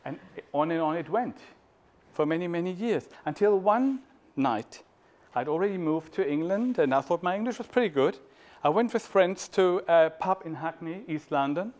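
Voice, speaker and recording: A man's voice: on the high side, lively intonation, moderate pace. German-accented man giving a playful talk. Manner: playful, warm storyteller, sings snippets. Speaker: speaker at a talk. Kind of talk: storytelling talk.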